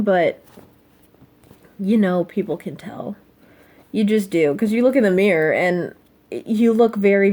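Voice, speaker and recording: A teenage girl speaking in a personal confessional vlog, soft and halting, full of fillers, sounding upset. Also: medium pitch. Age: teens. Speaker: vlogger.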